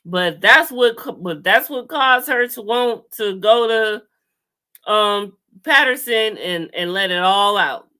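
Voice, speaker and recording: A young woman giving a casual, sassy TV episode recap, storytelling with sudden loud outbursts. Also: mid-range voice, animated, slow, clean tone. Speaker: recap host.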